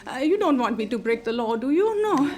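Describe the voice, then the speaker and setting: A woman's voice: sits high, big pitch swings, fairly quick, a little mellow. A woman playing a chatty older temple lady with a foreign accent, who halts with many fillers and mothers the caller on the phone in a live comedy monologue. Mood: flustered. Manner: patient, motherly, talks to the caller like a nosy aunt.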